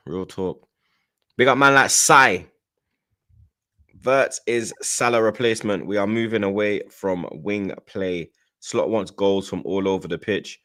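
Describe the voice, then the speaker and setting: A man with a low, heavy voice hosts a casual football live stream. He reads chat messages in quick runs and bursts out loudly when he shouts out viewers.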